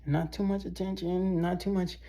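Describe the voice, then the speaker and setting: A man's voice: high-pitched, level tone, normal speed, mellow. A man talking casually to his viewers in a loose, meandering monologue, often tossing in "bro" and "y'all.". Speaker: vlogger. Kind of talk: casual rambling monologue to camera.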